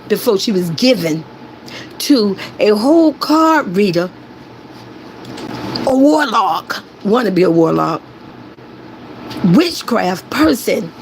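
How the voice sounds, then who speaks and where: On a low-quality recording with a bit of hiss or hum, a commentary host with a fairly high-pitched voice rants with emphasis. She keeps repeating her points and addresses her chat directly, urging them to agree.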